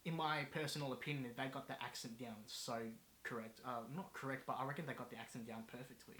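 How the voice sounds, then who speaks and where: A man's voice: mid-range voice, fairly even intonation, fast talker, a bit bright, a little hiss or hum. A man guest on a casual movie review chat, speaking hesitantly with many ums and restarted sentences. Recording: echoey room.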